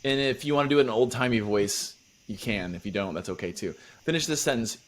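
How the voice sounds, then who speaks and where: Low-voiced playful podcast host man. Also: animated, quick pace, slight background noise. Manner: playful, upbeat questioner. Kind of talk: casual interview chat.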